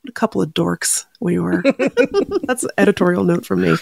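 A woman co-hosting a podcast in casual chat, animated, with wry asides. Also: on the low side, normal speed, gravelly, dry recording, studio quality. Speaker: podcast co-host.

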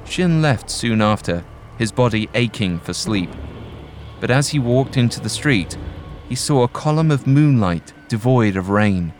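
A man narrating a scripted ghost story in a calm, measured manner. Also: medium pitch, a little hiss or hum. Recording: narration over soft music.

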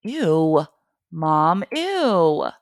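A woman voicing her cheerful, affectionate young son, calling out in a bright, excited way. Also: sits low, very slow, dry recording, clean studio sound, heavily acted. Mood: grossed out.

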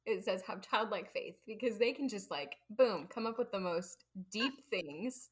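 A woman's voice: medium pitch, moderate pace, breathy edge. A woman from the Midwest with a Midwestern accent, co-hosting a Bible study podcast, teasing and laughing easily in casual chat over a video call.

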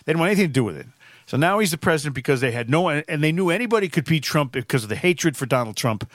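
A man's voice: fairly high pitch, animated, racing, no echo, clean studio sound. A man from New England co-hosting a casual political chat, blunt and rambling. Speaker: co-host.

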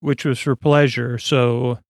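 Rambling man with a gravelly voice. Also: medium pitch, little pitch movement, slow pace, dry recording, studio quality. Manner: rambling, lots of fillers and asides. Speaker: podcast host. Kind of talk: meandering bedtime recap.

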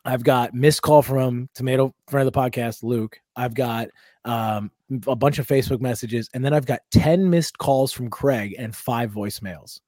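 A man's voice: medium pitch, moderate pace, no echo, studio quality. Young man telling a profane story. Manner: loose, profane, animated storytelling. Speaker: comedian podcast host. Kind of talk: casual podcast storytelling.

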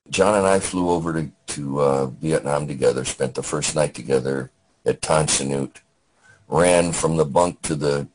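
An older man, a veteran guest, telling his war memories in a halting, plainspoken way with many restarts. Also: extremely low pitch, vocal fry, a little hiss or hum, low-quality recording.

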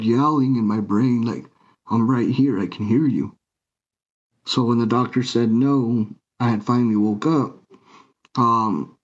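A man, a guest on a talk show, telling his personal story in an emotional way, acting out the dialogue as he goes. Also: mid-range voice. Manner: retells scenes by acting out quoted dialogue. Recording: muffled lo-fi recording.

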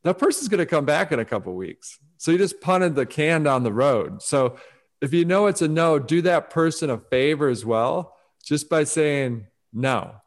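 A man giving conversational advice on focus as a guest, animated and acting out quoted voices as he talks. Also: a little high, normal speed. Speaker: guest speaker on focus and success.

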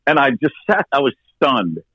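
Animated, lively-voiced man in his fifties. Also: medium pitch, moderate pace, slightly rough, dry recording, dull audio. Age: 50s. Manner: animated storyteller, swears casually. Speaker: guest, rock drummer. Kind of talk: conversational storytelling interview.

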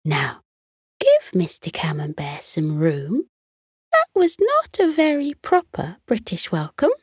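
Cheery lil mother stoat, high and bright, proper, woman putting her on. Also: huge pitch swings, slow, husky, no room sound, clean studio sound, heavily acted. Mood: brisk.

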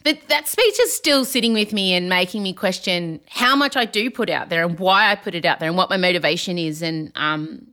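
A woman's voice: lowish voice, brisk, hardly any pauses, sharp tone. A woman hosting a podcast in casual chat, talking animatedly and candidly, with self-deprecating humor. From Australia. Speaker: podcast host.

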